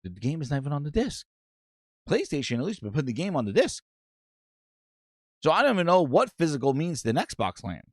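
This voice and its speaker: A man's voice: a little high, brisk, pauses often, dry recording. Male podcast host, profane live-stream rant, dry close sound. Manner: animated, profane, reads chat aloud.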